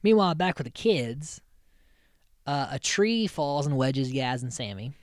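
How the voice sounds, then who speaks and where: A man's voice: mid-range voice, animated, a little slow, no echo, studio quality. Chatty man rambling through a show recap. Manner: rambling, chatty, swears freely, frequent restarts. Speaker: podcast host. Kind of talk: casual episode recap.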